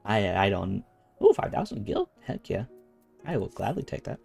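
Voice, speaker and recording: A male streamer gives casual let's-play commentary in a lowish voice. He chats, thinks out loud and reads game dialogue while faint game music plays behind him. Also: sing-song, brisk, creaky. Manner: chatty, muses aloud and reads game lines.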